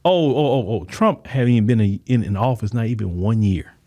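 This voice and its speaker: Man, podcast host, fiery commentary, preachy, talks straight to listeners, repeats words, animated pitch. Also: brisk. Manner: repeats words and restarts often. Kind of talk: political commentary monologue.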